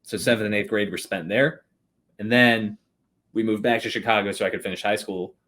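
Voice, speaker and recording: Laid-back young man with a low voice. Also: fairly even intonation, brisk, fairly bright tone. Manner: rambling, swears often, laughs mid-sentence. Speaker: podcast guest. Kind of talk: casual storytelling chat.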